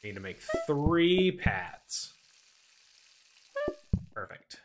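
A man's voice: fairly high pitch, sing-song, very slow, noisy background. A man streaming a cooking game solo, giving playful running commentary to his chat and talking himself through the chaos. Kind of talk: live gameplay commentary to chat.

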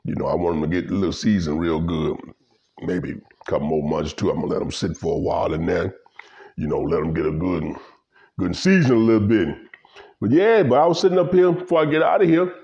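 An older Louisiana man with a deep, creaky voice rambles fairly quickly to his viewers, offering folksy, casual commentary and breaking into laughter as he animatedly tells his stories. The sound is lo-fi.

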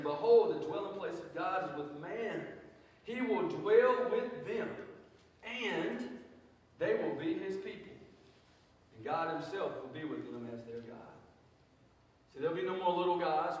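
A man preaching a sermon as pastor, moving from quiet reflection to loud, fervent declarations. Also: a little high, a little slow. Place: large church sanctuary. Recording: echoey hall, mic from a distance.

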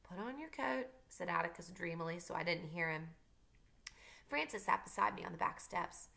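A woman teacher reads a novel aloud in a steady storytelling voice and drops in casual asides. Her voice is low and gravelly, with a bright, forceful edge. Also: moderate pace. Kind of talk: reading a novel aloud with commentary.

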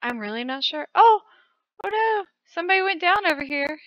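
Excitable high-voiced woman gaming host. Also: fairly quick, no room sound. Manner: excitable, frequent gasping exclamations. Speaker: channel host. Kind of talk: casual game commentary. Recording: dull lo-fi dry recording.

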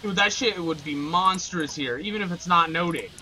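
A young man in casual gaming voice chat, excitable and swearing often while he plays. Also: on the high side, moderate pace. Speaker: gamer on voice chat.

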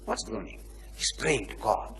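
Animated man lecturing on scripture. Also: fairly low pitch, measured pace, gravelly, over a noisy crowd, rough recording. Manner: dramatic, rhetorical questions, acts out quoted speech; swings between loud emphasis and near-whispered asides. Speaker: lecturer on religion. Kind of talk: religious lecture reading and explaining scripture.

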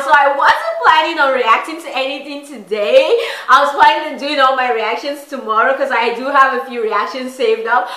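A woman chatting excitedly to camera at home, gushing and saying "like" a lot. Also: high voice. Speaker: reaction vlogger. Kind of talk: casual chat to camera. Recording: echoey room.

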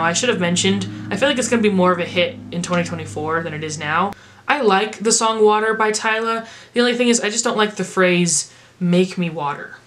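Chatty and rambling, this American woman talks through a casual music review with lots of filler words. Her vlog voice is slightly bright and a touch low for a woman.

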